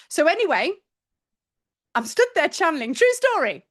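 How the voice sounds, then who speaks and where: A middle-aged woman, a spiritual teacher telling a story in a chatty, animated vlog. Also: extremely high pitch, moderate pace, pauses often. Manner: animated, chatty, acts out quoted voices.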